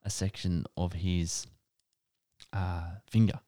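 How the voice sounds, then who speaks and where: An Australian man co-hosting a podcast, telling rambling stories in a low-key casual chat. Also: level tone, slow, mellow, no room sound, studio quality. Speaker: podcast co-host.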